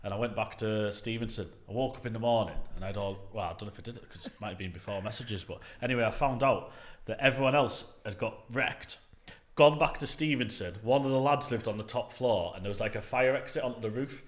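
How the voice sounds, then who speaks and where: A man's voice: lowish voice, fast talker, few pauses. A man, a guest on a casual podcast, rambling through a story with lots of fillers. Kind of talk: casual chat.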